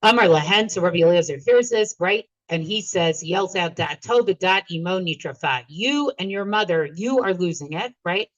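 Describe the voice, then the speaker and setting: A woman's voice: medium pitch, animated, moderate pace, hardly any pauses, no echo. Woman, Talmud teacher, reads and translates line by line, checks in with listeners, muffled lo-fi recording. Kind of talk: Talmud class lecture.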